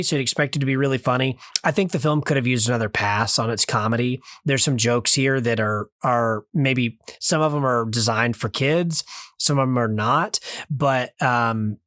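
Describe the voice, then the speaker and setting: A man in his thirties talks through a film review on a podcast in a loose, rambling way, stopping and restarting often with plenty of fillers. His voice sits at a middle pitch. It is recorded dry and close, with no room sound. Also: fairly bright tone, no room sound. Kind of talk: casual review chat. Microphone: remote call mic.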